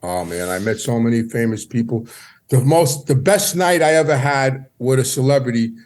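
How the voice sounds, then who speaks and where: A man's voice: medium pitch, moderate pace, a little mellow. A middle-aged man telling stories from his past in a casual, meandering way, often restarting his sentences. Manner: meandering, repeats words and restarts. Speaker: podcast guest. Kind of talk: casual storytelling.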